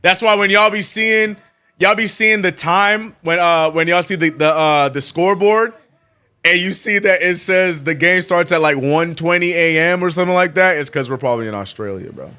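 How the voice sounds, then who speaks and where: A man hosting a live sports watch-along, chatting casually and excitably with lots of slang and repeated "bro". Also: high voice, normal speed, smooth. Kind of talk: casual live-stream chat.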